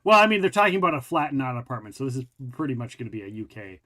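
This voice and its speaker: A man's voice: medium pitch, sing-song, very fast, fairly bright tone. A man hosting a casual podcast, reading articles aloud and joking around, swearing freely. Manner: rambling, jokey, swears freely. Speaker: podcast host.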